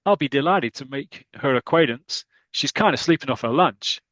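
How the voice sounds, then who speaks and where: A man's voice: medium pitch, expressive, moderate pace, fairly bright tone, no echo, muffled recording, lightly acted. A man voicing a cocky, tough American stuntman with a brash, swaggering manner.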